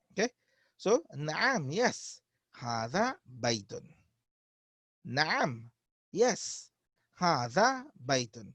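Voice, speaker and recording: A man teaching a beginner Arabic class, patiently repeating each phrase slowly for his learners. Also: medium pitch, fairly bright tone, no echo. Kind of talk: online beginner language lesson.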